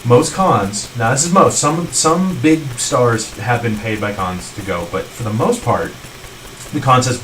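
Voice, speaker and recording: A man's voice: mid-range voice, animated, moderate pace, a bit bright, recorded from a distance, a little hiss or hum, poor audio. A man co-hosting a podcast in casual chat, explaining at length and often agreeing with "right". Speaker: podcast co-host.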